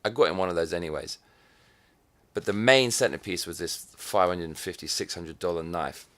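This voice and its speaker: Very deep-voiced profane man from England. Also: moderate pace. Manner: profane and sardonic, with swings in loudness. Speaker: vlogger. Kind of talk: casual comic monologue.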